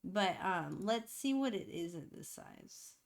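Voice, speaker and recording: A woman's voice: medium pitch, expressive, a little slow, creaky, a little hiss or hum. A woman streaming live, chatting casually and rambling playfully to herself as she works. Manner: rambling, playful, self-talking while working.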